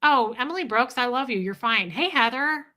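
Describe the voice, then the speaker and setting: Woman livestream host, bright and sharp-toned, blunt and confessional. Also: on the high side, expressive, normal speed. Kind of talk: casual livestream talk with chat shout-outs.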